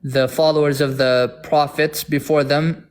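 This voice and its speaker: A man in an online debate, reading Arabic passages aloud and translating them into English slowly with many restarts. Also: on the high side, flat delivery.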